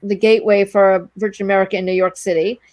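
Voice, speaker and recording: A middle-aged woman relating a story with lively energy, jumping into the voices of the people she quotes. Her pitch sits in a middle register and the sound is dry and close, with no room around it. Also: fast, no room sound. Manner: animated, breathless anecdote telling with quoted dialogue. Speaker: guest, entrepreneur. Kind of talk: storytelling in a casual interview.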